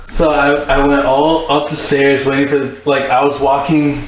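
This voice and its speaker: A man's voice: medium pitch, level tone, normal speed. A young man, a guest DJ, telling a long story in casual chat, laughing often and saying "like" a lot. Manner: rambling, laughs often, full of "like". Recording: echoey room with faint noise.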